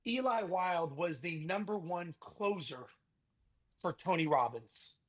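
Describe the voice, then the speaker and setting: A man, a podcast guest, talking about his business event in a lively salesman's manner and acting out quoted conversations. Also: sits high, slow pace. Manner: energetic salesman, acts out quoted dialogue. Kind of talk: casual interview talk.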